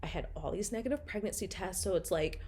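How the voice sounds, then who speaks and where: A woman's voice: on the low side, fast, darkish tone, husky. A young woman telling her own story in a rambling, candid way, full of "like" and blunt swearing.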